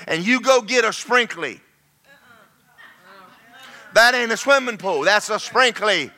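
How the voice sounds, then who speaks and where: A man's voice: extremely high pitch, lively intonation, a little slow, sharp tone. A man preaching a sermon as pastor, folksy and repetitive, speaking in bursts.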